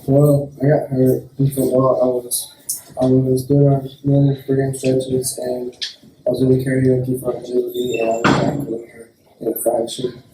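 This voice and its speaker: A teenage boy, an injured athlete, answering interview questions in a halting, hesitant way. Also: mid-range voice, monotone. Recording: roomy distant mic, faint noise.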